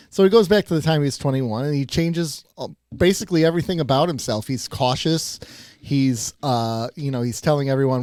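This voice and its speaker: A man's voice: a little high, fairly quick, no echo, studio quality. A man co-hosting a podcast, casually retelling a TV episode's plot and acting out the characters' lines as he goes. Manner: animated, acts out quoted lines in the retelling. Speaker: podcast co-host.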